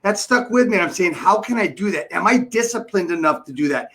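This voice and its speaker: A man with a high voice hosting an interview. He asks eager questions and often stumbles, repeating his words. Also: expressive, a little fast, fairly bright tone, slight background noise. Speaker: podcast host. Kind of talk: interview questions, casual chat.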